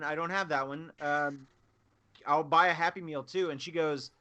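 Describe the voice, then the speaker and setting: A man's voice: on the high side, normal speed. A man in his thirties, a podcast co-host, telling a story in casual chat and acting out both sides of the exchange. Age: 30s. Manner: animated, acts out both sides of his anecdotes.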